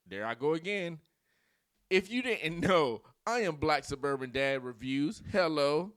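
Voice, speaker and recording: A man hosting his channel with comedic commentary who is animated and keeps rambling into tangents. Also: fairly high pitch, normal speed, clear, resonant tone, no room sound, clean studio sound. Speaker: channel host.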